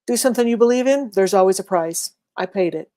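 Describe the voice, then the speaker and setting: A woman voicing a calm old veteran mentor. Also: medium pitch, a little fast, natural voice. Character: gruff older male war veteran mentor. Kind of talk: audiobook character voice.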